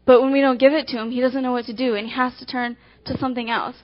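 High-voiced woman giving an animated devotional. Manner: animated storytelling, swinging between quick and slow emphasis. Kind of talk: devotional talk with acted illustrations. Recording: dull lo-fi recording.

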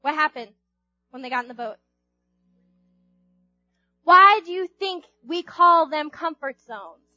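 A woman's voice: high voice, animated, slow pace, pauses often, sharp tone, no echo, highs cut off, faint music behind. A young woman giving a casual youth sermon, chatty, acting out Bible characters in little voices. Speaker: youth group speaker.

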